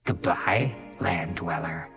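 A man voicing a chorus of cold, ancient merfolk, speaking slowly and solemnly in a deep, echoing voice. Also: gravelly, fairly bright tone, soft background music, full character voice. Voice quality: deep echoing voice like whale song. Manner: slow, solemn and unforgiving.

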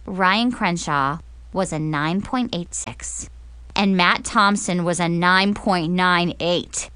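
Woman narrator for a teen diary audiobook; expressive, sarcastic, dry booth sound. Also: fairly low pitch, slow pace, smooth, no echo.

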